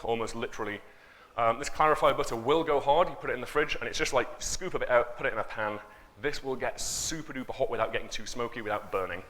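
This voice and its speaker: Bright-voiced man giving a chatty talk. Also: mid-range voice. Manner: chatty, joking, many fillers. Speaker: conference speaker. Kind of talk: off-the-cuff stage talk. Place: conference stage before an audience.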